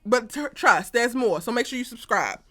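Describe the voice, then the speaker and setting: A woman's voice: a little high, expressive, moderate pace, bright, forceful tone. A woman hosting a TV episode breakdown, blunt and exasperated, cursing freely and speaking straight to her viewers. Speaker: TV recap host.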